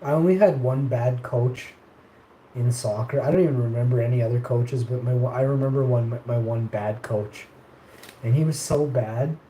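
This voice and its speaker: A man's voice: medium pitch, normal speed, warm tone. A man telling rambling childhood stories in a casual stream, laughing often and raising his voice when he quotes people. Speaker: live streamer. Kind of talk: casual storytelling. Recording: echoey room with faint ambient noise.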